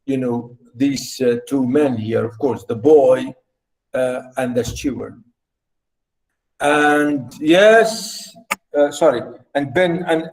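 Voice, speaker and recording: A man's voice: mid-range voice, a little mellow, low-quality recording. A man teaching literature, explaining a play line by line and rephrasing his points often. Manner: repetitive, rephrasing, halting with fillers.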